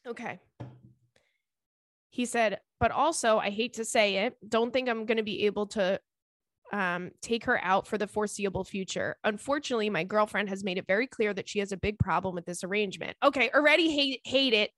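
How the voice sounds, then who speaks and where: With a mid-range voice and a brisk pace, a young podcast host reads listeners' letters and reacts indignantly, swearing often. The recording is dry.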